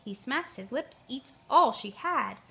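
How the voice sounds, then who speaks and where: A woman reading a rhyming children's picture book aloud, lively and voicing the characters. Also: high voice, a little slow, creaky. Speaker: storyteller.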